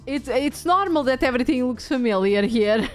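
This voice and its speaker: A woman from Portugal streams a game, speaking English. Her voice sits high, and she thinks aloud in a loose, casual way, swearing freely. Faint music plays under her talk. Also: animated, moderate pace.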